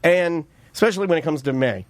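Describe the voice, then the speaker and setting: Podcast co-host, man in his 30s, a bit high voice, dry close mic, rambly storyteller. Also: expressive, quick pace, no room sound. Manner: rambling, joking anecdote telling with many restarts. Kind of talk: casual chat, storytelling.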